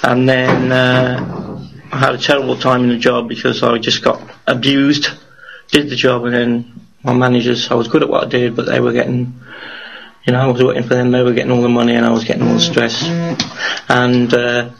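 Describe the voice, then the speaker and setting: A man's voice: mid-range voice, monotone, a little fast, creaky, a bit bright, rough recording. A middle-aged man with a mixed Birmingham and Geordie accent, rambling through his life story in an interview and often ending with tag questions. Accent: mixed Birmingham, Geordie and Welsh. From Wales, raised in Birmingham.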